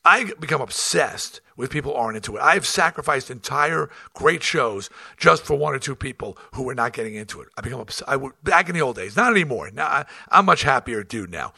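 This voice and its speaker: A middle-aged man hosting his own show, telling a road story in a blunt, profane, animated way. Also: mid-range voice, a little fast, creaky, few pauses, no room sound, studio quality. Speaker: host. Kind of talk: storytelling monologue.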